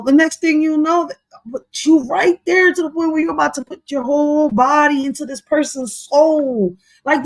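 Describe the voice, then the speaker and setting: A woman's voice: high-pitched, no room sound, rough recording. Slangy woman reacting casually. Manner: profane, slangy, animated, frequent "yo". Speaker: reaction video host.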